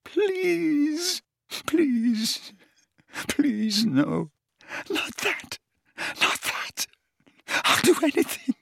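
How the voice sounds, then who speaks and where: A man voicing an anguished old male wizard in an audiobook, pleading slowly in a high, trembling, breathy voice that at times drops to a whisper. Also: big pitch swings, a bit bright, exaggerated voice. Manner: slow, broken pleading.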